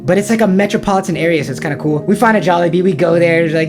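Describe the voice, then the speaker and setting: A man's voice: a little high, racing, few pauses, music in the background. A man recapping a family trip to the camera in a casual, rambling way, full of fillers and exasperated asides. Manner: rambling, filler-heavy storytelling with lots of "like" and "dude"; ranting and exasperated. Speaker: vlogger.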